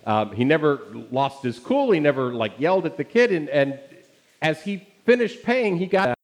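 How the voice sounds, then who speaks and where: A male pastor preaching to his congregation, his voice sitting a little higher than most men's. He talks like he is chatting with friends, winding through a story with plenty of casual asides. He checks in with the room as he goes. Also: big pitch swings, moderate pace. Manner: conversational storytelling with audience asides. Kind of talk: Father's Day sermon.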